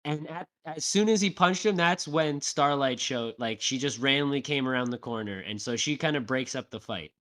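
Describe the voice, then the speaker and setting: A man co-hosting a podcast, recapping a TV episode in a casual, animated way, swearing often and tagging "right?" onto his sentences. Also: medium pitch, moderate pace, hardly any pauses. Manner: animated, swears a lot, acts out quotes; tag questions like "right?". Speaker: podcast co-host.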